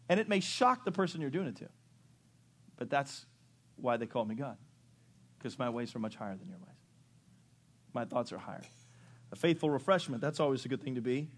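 A man preaching a sermon, moving from loud rising questions to low quiet asides. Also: breathy edge. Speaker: pastor. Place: church sanctuary.

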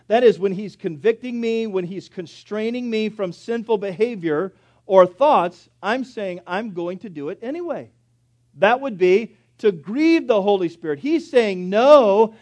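A man in his thirties, a pastor preaching a sermon, swinging from soft asides to loud emphatic passages. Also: high-pitched.

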